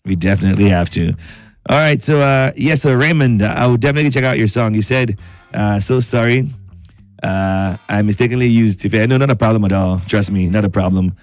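A joking Nigerian radio host, a man with a voice of middling pitch who reads listener messages with playful rhymes and teasing. Soft music runs under his studio chat. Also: fairly quick.

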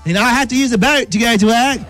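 A man voicing a high-pitched, excitable male caller who rambles on in long lists. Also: fast, faint music behind. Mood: rambling. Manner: rambling, breathless listing.

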